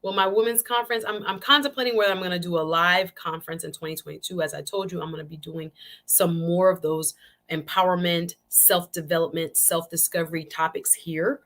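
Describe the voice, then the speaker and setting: A woman's voice: fairly low pitch, fairly even intonation, fairly quick, fairly bright tone. A woman hosting her own live-stream talk show, chatting casually and animatedly with viewers and often repeating phrases. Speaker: show host.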